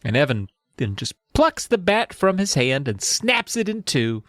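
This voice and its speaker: A man co-hosting a podcast, casually recapping a book in an animated way, slipping into quick character voices. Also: a little high, dry recording, clean studio sound. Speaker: podcast co-host.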